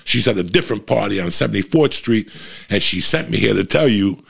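A man voicing a young woman coaxing a friend along in a story, in his own gravelly, husky voice. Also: on the low side, animated, a little fast, fairly bright tone, heavily acted. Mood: urging.

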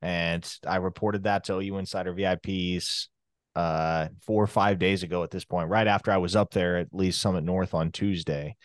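A man with a low voice talks recruiting intel with confident, matter-of-fact ease. His voice is recorded dry and close, with no room sound. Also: steady tone, moderate pace, no echo. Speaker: recruiting reporter and podcast co-host. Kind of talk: casual sports chat.

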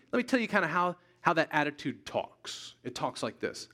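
A man preaching a sermon as pastor, emphatic, repeating key lines slowly for weight. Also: on the high side, very animated, bright, forceful tone. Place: church sanctuary.

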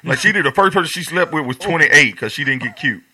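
A man's voice: on the high side, quick pace. A man co-hosting a casual chat show, telling stories with slang and frequent laughter. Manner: laughing storyteller, slangy, animated retelling. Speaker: podcast co-host.

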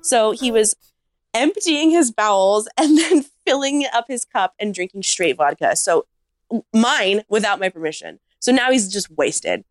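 A woman, a podcast guest, telling a comic story in a casual, animated way with lots of "like.". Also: medium pitch, unhurried, dry recording, clean studio sound. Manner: animated anecdote-teller, heavy use of "like".

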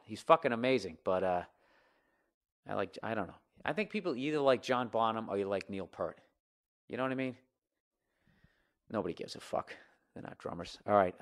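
Guy, comedy podcast host, foul-mouthed ranter, loud flare-ups and mumbled asides. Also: fairly low pitch. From United States. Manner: profane, swings between loud outbursts and mumbled asides. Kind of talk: ranting comedy podcast, reading listener emails.

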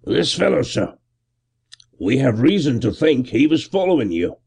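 A man voicing a gruff male police constable who grumbles and growls. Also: mid-range voice, big pitch swings, moderate pace, a little mellow, pitched above the performer's own voice, exaggerated voice. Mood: wary.

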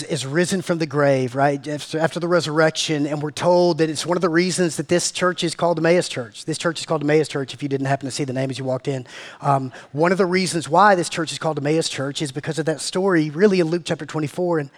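High-voiced casual male preacher. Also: fast. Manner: casual and animated, swings from loud to hushed; slangy, calls listeners "man" and "family". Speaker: pastor. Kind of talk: sermon. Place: church meeting room.

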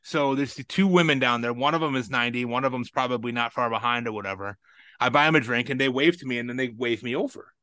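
A man's voice: mid-range voice, fast, sharp tone, no room sound. A man in his forties telling a rambling anecdote in casual podcast chat. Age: 40s. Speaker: podcast storyteller.

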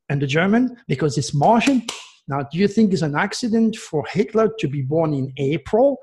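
A man's voice: on the high side, lively intonation, normal speed, darkish tone, husky. A man, an astrologer guest on a radio interview, explaining at length in an emphatic, digressive way. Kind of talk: rambling radio interview talk.

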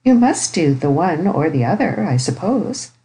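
A woman reading the part of a sharp, skeptical young niece in an audiobook, speaking in an insistent, pert way. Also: fairly low pitch, very animated, normal speed, rough recording.

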